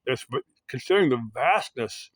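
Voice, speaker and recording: A man hosting a rambling solo talk, musing aloud in a halting way, with many uhs and restarts. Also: mid-range voice, lively intonation, a bit bright, breathy edge, no echo.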